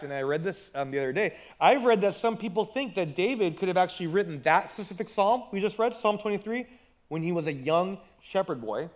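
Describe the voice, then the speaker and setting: A man preaching a sermon in a conversational way, often repeating words as he builds a point. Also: high voice. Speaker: pastor.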